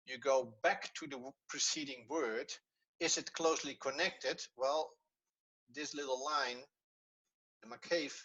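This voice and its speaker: Patient man teaching Hebrew, bright voice. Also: on the high side, slightly rough, rough recording. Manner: patient, explains step by step, repeats often. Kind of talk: online lesson, screen-sharing.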